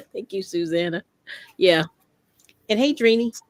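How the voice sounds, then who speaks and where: A woman hosting a casual craft chat, telling stories in a lively way, laughing often and greeting viewers. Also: mid-range voice, slow, dry recording. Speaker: host.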